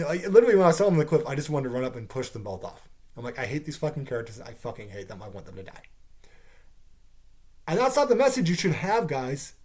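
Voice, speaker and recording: A caffeinated man ranting through a profane TV series review, swearing heavily and sounding exasperated. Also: a little high. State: caffeinated, wired.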